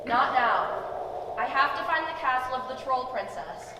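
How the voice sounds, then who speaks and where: A woman's voice: high-pitched, lively intonation, moderate pace, background noise. A woman playing a determined young girl questing for her prince in a stage play, with an earnest, polite manner. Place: school theater stage. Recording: distant, echoey theater hall.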